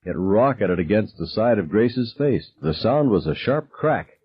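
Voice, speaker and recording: A man reading a novel aloud as narrator, calm and measured, dropping low on dialogue tags. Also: husky, highs cut off. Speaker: audiobook narrator. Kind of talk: scripted narration.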